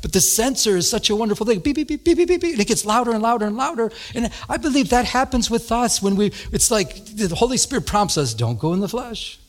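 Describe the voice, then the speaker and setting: Male pastor, fairly high voice, chatty and animated, laughs as he preaches. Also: fast, hardly any pauses. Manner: animated, laughs and acts out beeping and dialogue. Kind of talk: conversational radio sermon.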